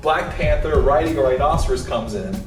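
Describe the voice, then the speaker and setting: A man's voice: mid-range voice, brisk, far from the mic. A man spins a rambling, mock-serious tall tale, stumbling over his words and repeating himself. He sounds set back from the mic in an echoey room with faint music behind. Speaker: storyteller in comedy sketch. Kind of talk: comedic storytime parody.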